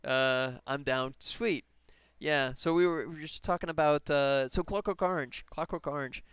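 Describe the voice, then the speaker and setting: A man's voice: fairly high pitch, normal speed, a bit bright, smooth, no echo. A man game developer chatting casually on a live stream while he works, rambling and laughing often. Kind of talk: casual livestream chat while working.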